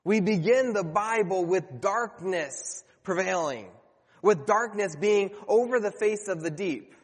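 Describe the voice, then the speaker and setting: A man's voice: high-pitched, lively intonation, unhurried, slightly rough, big-room sound. A man preaching a sermon to his congregation, earnest and conversational, sometimes stumbling and correcting himself.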